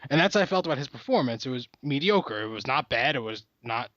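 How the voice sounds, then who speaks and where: A man in his twenties hosting a casual comedy podcast chat, animated and acting out movie lines as he tells them. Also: medium pitch, fast, dry recording, highs cut off. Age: 20s. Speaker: podcast host.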